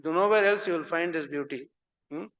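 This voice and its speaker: A man's voice: on the high side, normal speed, vocal fry, a bit bright, muffled recording. Man teaching in echoey hall. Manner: encouraging, explains verse meter patiently. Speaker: scripture class teacher. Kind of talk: scripture class.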